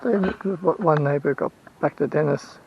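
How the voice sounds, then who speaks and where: Gravelly Australian man having a whinge. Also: on the high side, measured pace, lo-fi sound, a little hiss or hum. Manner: rambling, repetitive complaining. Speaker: vlogger and house sitter. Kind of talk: casual vlog rant.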